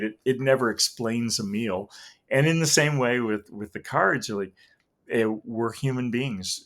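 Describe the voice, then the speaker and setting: A middle-aged man, a tarot reader and guest, talking casually in an interview and acting out the people he quotes as he tells stories. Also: medium pitch. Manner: animated storyteller acting out quoted voices. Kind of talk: casual interview talk, anecdotes.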